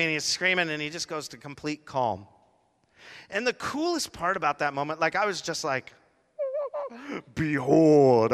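A man's voice: a little high, sharp tone, long reverb tail. A middle-aged man preaching a sermon, telling a chatty story with playful asides. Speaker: pastor.

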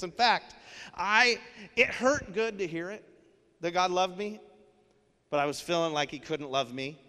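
A man's voice: on the high side, measured pace, pushed and bright. A male pastor preaching a sermon in an earnest, conversational way, with casual fillers. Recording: long hall reverb.

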